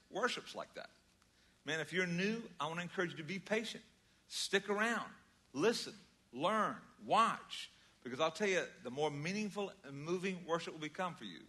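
Older pastor preaching, bright slightly high voice, chatty storytelling, gets loud then drops quiet. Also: male voice, breathy edge. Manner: conversational, storytelling, swings from loud emphasis to quiet. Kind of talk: sermon.

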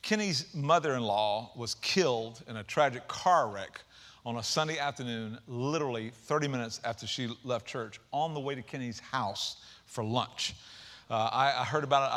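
A man preaching a sermon as pastor, animated, with folksy asides and rising emphasis. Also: medium pitch.

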